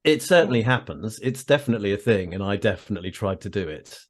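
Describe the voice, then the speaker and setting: A man's voice: fairly low pitch, expressive, quick pace. A middle-aged Englishman with a Surrey accent, an actor chatting in an interview over a video call, self-deprecating and laughing often. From England. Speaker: actor and audiobook narrator guest.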